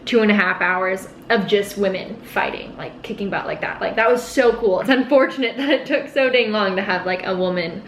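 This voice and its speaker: A young woman chatting in a relaxed, upbeat way while doing her makeup as a vlogger. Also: mid-range voice, a little hiss or hum. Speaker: beauty vlogger. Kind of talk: casual get-ready-with-me chat. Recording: echoey room.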